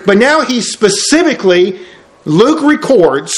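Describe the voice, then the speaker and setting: A man's voice: high-pitched, very animated, measured pace. A man preaching an expository sermon, emphatic and repeating key phrases for effect.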